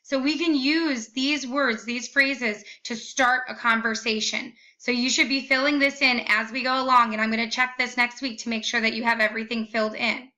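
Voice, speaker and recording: A young woman teacher walks through a lesson, slowing down to model each phrase with care. Her voice sits a little high and sounds bright and forward. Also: fairly even intonation, highs cut off. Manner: slow, careful modeling of phrases. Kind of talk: recorded classroom lesson.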